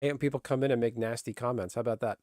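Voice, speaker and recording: A man's voice: medium pitch, fairly even intonation, rapid-fire, darkish tone, dry recording, clean studio sound. Blunt, grumbling male streamer. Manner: blunt, swears freely, grumbling. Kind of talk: casual live-stream chat.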